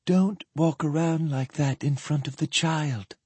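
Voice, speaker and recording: A husky-voiced man putting on a tired but sharp-tongued woman, pitched higher and softer than a narrator's own voice, with a changed, lighter timbre. She speaks crisply and clips her words, steady in manner through her weariness, recorded close and dry. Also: a little slow, dry recording. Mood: scolding. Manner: crisp and clipped. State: weary. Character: weary, stern, sharp-tongued woman traveler.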